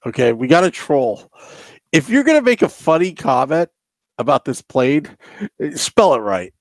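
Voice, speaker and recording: A man's voice: medium pitch, big pitch swings, measured pace, dry recording. A man hosting his own casual sports podcast, playful and giggling at the trolls. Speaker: podcast host. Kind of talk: casual chat, live podcast.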